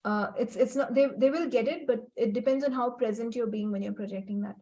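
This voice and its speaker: Middle aged lady running a group call, earnest, repeats herself, bit high voice. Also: fast, dark tone, rough recording. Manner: earnest, repeats points for emphasis, acts out quoted lines. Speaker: facilitator of a healing book club call. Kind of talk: casual teaching on a group call.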